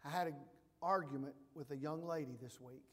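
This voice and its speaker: A man preaching a sermon as pastor, emphatic, swinging from hushed asides to loud declarations. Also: fairly high pitch, fairly quick, big-room sound.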